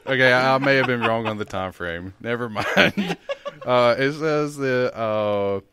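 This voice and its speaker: A man's voice: mid-range voice, unhurried, bright, forceful tone, a little hiss or hum. A man co-hosting a casual podcast chat, explaining facts with hesitant fillers. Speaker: podcast co-host.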